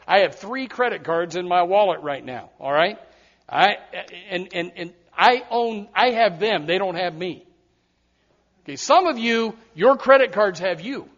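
A man's voice: high-pitched, a bit bright. A man preaching a sermon as pastor, emphatic and repetitive, with frequent direct asides to his congregation. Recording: dull lo-fi sermon recording.

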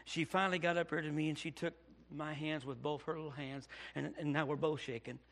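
A Baptist pastor from Indiana preaching a sermon, telling a story and swinging from hushed passages to near shouting. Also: male voice, on the high side, fairly even intonation, brisk.

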